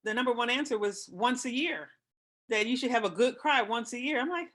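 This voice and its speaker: Emotional, expressive woman in her fifties. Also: a little high, a little fast. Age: 50s. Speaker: talk show host. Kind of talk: casual chat.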